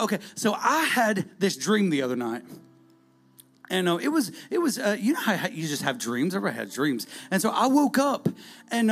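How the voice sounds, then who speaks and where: A preacher with a high, gravelly voice. He delivers the sermon with lively swings between loud calls and hushed near-whispers. Soft music plays faintly behind him.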